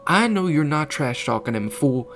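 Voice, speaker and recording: A man voicing a tough, sassy young girl in a fan story, his voice raised in pitch. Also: sing-song, moderate pace, a bit bright, soft background music.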